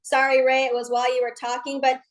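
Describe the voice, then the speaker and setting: High, gushing woman giving a pep talk. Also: monotone, fast talker, low-quality recording. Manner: gushing, pushy and chatty. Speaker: MLM team leader on a team call.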